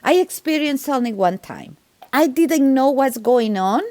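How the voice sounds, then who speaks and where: Animated accented woman, high dry voice. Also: measured pace, no echo. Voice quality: speaks with a foreign accent. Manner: animated, sudden pitch jumps, laughs often. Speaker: medium and tarot reader, guest. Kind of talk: casual podcast storytelling.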